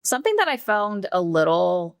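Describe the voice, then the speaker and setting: A woman guest on a podcast, telling a painful personal story in a halting, conversational way, full of "like" and acted-out quotes of what others said. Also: mid-range voice, very animated, dry recording, clean studio sound. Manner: halting, heavy use of "like", acts out quoted voices.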